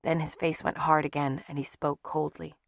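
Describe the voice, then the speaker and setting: A woman's voice: sits low, little pitch movement, moderate pace, vocal fry, no echo, clean studio sound. A woman narrating a novel as an audiobook, dramatic in delivery. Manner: dramatic, shifts voice for each character. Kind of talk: scripted narration.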